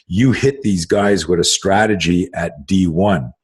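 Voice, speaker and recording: A man's voice: low voice, a little slow, slightly rough. A man hosting a podcast as a self-defense instructor, talking in an emphatic, profane, casual way with many restarts.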